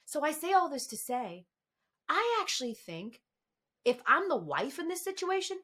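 A woman's voice: high-pitched, big pitch swings, normal speed, pushed and bright. A woman co-hosting a casual podcast chat, telling stories animatedly and acting out the people she quotes. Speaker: podcast co-host.

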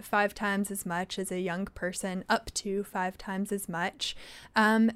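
A young adult woman, a think tank vice president, explaining policy points clearly and steadily as an interview guest. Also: mid-range voice. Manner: articulate, explanatory, measured.

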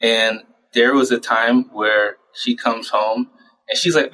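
A man in his thirties or so answers interview questions in an easy, conversational way. His pitch sits in an ordinary middle range, and he slips into quick voices to act out parents and himself. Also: steady tone, sharp tone, poor audio. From United States. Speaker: child and adolescent psychiatrist.

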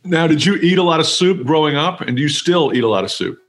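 A man's voice: on the high side, animated, fast talker. A man hosting a sports interview podcast, asking chatty questions and joking with his guest. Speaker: podcast host. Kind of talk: casual interview chat.

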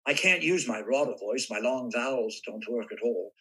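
Bright, husky-voiced older man telling stories. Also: medium pitch, normal speed, poor audio. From Southern California. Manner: animated anecdotes with acted-out voices. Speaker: guest actor. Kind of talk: podcast interview storytelling.

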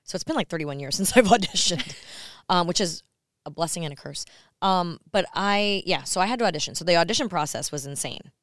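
A woman in her fifties with a New York accent, telling stories quickly as a podcast co-host in casual chat. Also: on the low side, animated, dry recording, studio quality. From United States. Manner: fast-talking storyteller.

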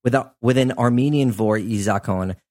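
A man in the middle of his usual pitch tells a true-crime story to a co-host. His talk is easy and conversational, with many fillers. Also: normal speed, a little mellow. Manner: conversational, loose, lots of fillers. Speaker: podcast host; sports journalist. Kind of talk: casual storytelling chat.

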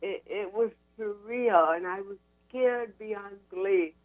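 A woman's voice: medium pitch, slow, no room sound. American woman in her sixties on a phone line. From United States. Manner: animated, laughs between sentences. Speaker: guest, actress and comedian. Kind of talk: storytelling in a radio interview. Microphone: telephone. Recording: tinny dry phone line.

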